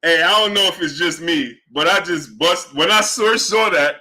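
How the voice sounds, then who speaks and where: Laughing, slangy sports show host, bright voice. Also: male voice, a little high, moderate pace. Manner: animated, laughs a lot, slangy, repeats himself. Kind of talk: casual livestream chat.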